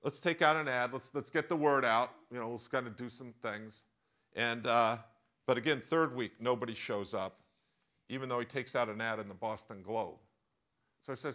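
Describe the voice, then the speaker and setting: An American man gives a lecture and tells a story along the way, animated and joking. His voice is bright and forward, and he speaks as a professor teaching a class. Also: mid-range voice, measured pace, long pauses. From United States. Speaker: professor giving a masterclass.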